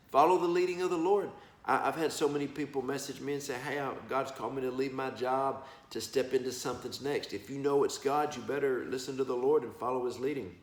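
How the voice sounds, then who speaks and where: A man's voice: mid-range voice, reverberant. A man preaching prophetic words in a folksy, emphatic way, calling listeners y'all and baby. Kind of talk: animated preaching to camera.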